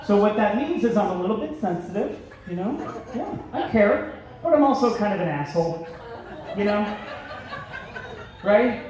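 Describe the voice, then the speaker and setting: A man doing a stand-up comedy set on a theater stage, brash and slipping into gruff voices for his bits. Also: sits high, lively intonation, normal speed, pauses often, a little mellow, heavy reverb, recorded from a distance, rough recording. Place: large theater stage with live audience.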